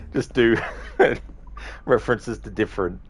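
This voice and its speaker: A man with a very low voice talks through a game in a loose, rambling commentary. He laughs often and swears offhandedly as he muses. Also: steady tone, normal speed, slight background noise. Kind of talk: casual gameplay commentary.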